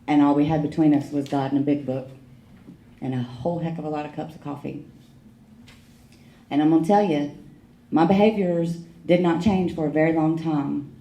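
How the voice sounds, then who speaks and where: A woman's voice: sits low, fairly even intonation, moderate pace, long pauses, warm tone. A middle-aged woman sharing her recovery story at a meeting, frank and wry, with emotional emphasis. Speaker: AA speaker. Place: meeting hall. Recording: echoey meeting room.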